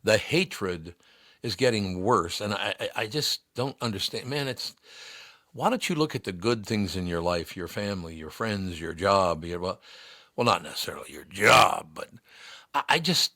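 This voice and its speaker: Low-voiced blunt male talk host. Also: lively intonation, normal speed, pushed and bright, no echo, studio quality. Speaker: podcast host. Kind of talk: casual talk show banter.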